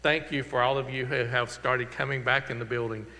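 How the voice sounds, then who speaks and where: In the echoing hall of a church, a Southern pastor runs through announcements and ends with a prayer, earnest and conversational and slowing to stress points. His voice sits mid-range, level in tone, gravelly and bright, with a forceful edge.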